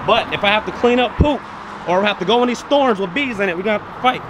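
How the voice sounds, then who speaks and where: High-voiced young man joking around. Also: expressive, fast, noisy background. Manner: joking, teasing banter with his dog. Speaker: vlogger. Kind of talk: comedic walking vlog. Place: outdoors on city streets.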